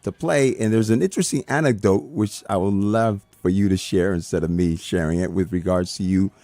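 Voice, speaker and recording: A man hosting a radio interview, speaking in a measured way and at times turning to address listeners in Spanish. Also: low-pitched, mellow, no echo. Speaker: radio host. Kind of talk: interviewing a guest.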